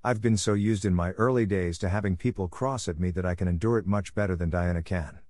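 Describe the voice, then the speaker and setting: A man's voice: low voice, fairly quick, darkish tone, no room sound, clean studio sound, close to an everyday voice. A man voicing an eager, dramatic young girl who talks in an earnest, impulsive, pleading way.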